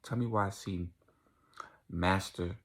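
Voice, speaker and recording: Young ny dude telling a storytime, husky low voice, acts out everybody he talks about. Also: slow pace. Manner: animated storytelling, acting out quoted voices. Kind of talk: casual storytime vlog.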